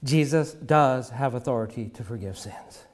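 A middle-aged man preaching a sermon, with dramatic pauses and sudden drops to a hush. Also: medium pitch.

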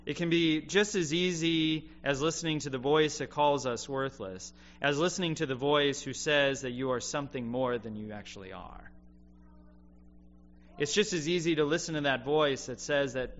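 A man delivers a sermon in an earnest, reflective manner, letting his voice sink low and quiet on key points. The recording is a bit dull and lo-fi, with a faint hum underneath. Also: normal speed. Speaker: preacher.

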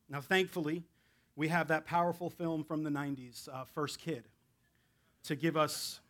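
A man's voice: a little high, a bit bright. A man preaching as a guest pastor in a church, casual and chatty with self-deprecating asides. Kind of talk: sermon. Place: church sanctuary.

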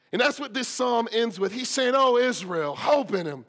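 A man preaching a sermon with rising passion, repeating key lines with slow emphasis, and closing in a hushed, quiet prayer. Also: extremely high pitch, expressive. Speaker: pastor.

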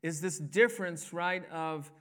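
A man's voice: on the high side, measured pace, bright, forceful tone, smooth. A man preaching a sermon as a pastor, with an emphatic delivery that rises and falls. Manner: emphatic, rising and falling preaching cadence.

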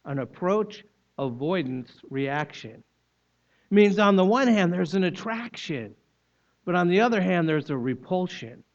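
Male preacher, slightly high pitch, explanatory and emphatic; muffled lo-fi sermon recording. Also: lively intonation, measured pace. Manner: explanatory teaching, emphatic repetition. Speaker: pastor. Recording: dull lo-fi recording.

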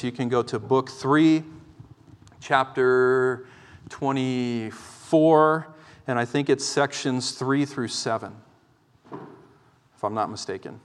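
A man preaching a sermon from the pulpit, earnest and pleading, moving between urgent exhortation and quieter teaching. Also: medium pitch. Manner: impassioned, pleading, swings from loud exhortation to quiet explanation. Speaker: pastor. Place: church. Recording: long reverb of a church hall.

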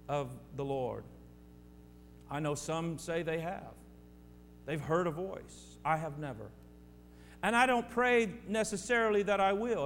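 A male pastor delivering a sermon, preaching emphatically with repeated phrases and speaking directly to his congregation. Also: high-pitched. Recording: long hall reverb with faint hum.

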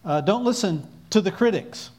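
A man's voice: sits high, expressive, normal speed, a little mellow, slightly rough. A man preaching a sermon in an earnest, exhorting way, calling on his listeners to repeat lines after him.

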